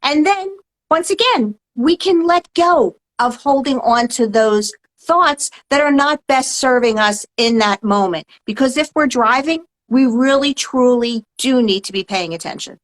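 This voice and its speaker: A woman guest who teaches mindfulness, explaining calmly and earnestly in an interview, often adding "right?". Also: high voice, a little slow, low-quality recording. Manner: calm, earnest, explanatory, many "right?" tags. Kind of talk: interview answers.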